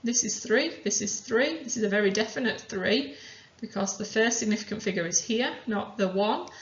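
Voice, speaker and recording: A woman chemistry teacher calmly talking through worked examples step by step. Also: medium pitch, moderate pace. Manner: methodical, talks through each step aloud. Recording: roomy, dull lo-fi sound.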